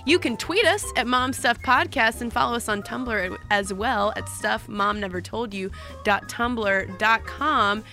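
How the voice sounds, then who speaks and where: This podcast co-host has a bright, forceful voice on the high side and speaks a little slowly, with soft music behind her. She reads out listener mail in relaxed, chatty banter, quick to laugh.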